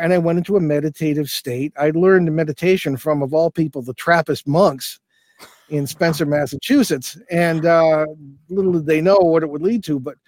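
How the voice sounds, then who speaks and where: Older male guest, slightly high voice, dry sound, rambling storyteller full of fillers. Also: a little mellow, dry recording. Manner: rambling, many fillers and restarts. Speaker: paranormal investigator guest. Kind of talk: storytelling in an interview.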